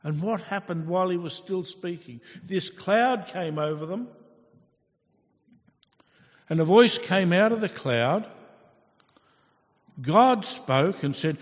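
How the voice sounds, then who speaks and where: A male preacher delivers a sermon slowly and earnestly, in a fairly high voice, and asks his listeners rhetorical questions. The sound is dull and lo-fi, with the long echo of a hall. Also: animated.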